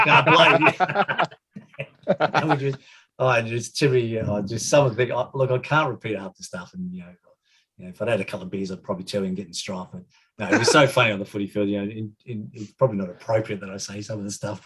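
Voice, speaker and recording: A man's voice: on the low side, fairly bright tone, slightly rough. An Australian man in his fifties, a former footballer on a podcast, telling rambling, chuckling stories with many restarts. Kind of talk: casual storytelling.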